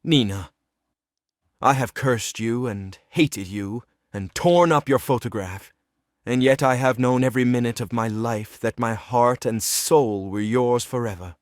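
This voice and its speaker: A man's voice: medium pitch, a little slow, dry recording, clean studio sound, natural voice. Treplev, a man reading a lovesick young writer. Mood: despairing. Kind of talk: play reading.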